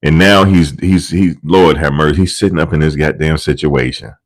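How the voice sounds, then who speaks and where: A man's voice: extremely low pitch, normal speed, rough recording. A man hosting casual celebrity commentary, telling rambling, profane and amused stories into a desk microphone. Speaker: commentary channel host. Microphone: desk USB microphone.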